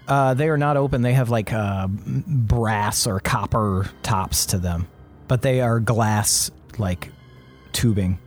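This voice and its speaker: A man working as game master, describing the scene with many fillers and pauses. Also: fairly low pitch, faint music behind. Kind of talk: narrating a tabletop game.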